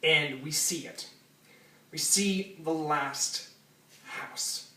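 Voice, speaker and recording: A man's voice: a little high, drawn-out words, pushed and bright, roomy sound, distant mic, poor audio. A man telling a funny personal story live, casual and laughing, with lots of fillers and swearing.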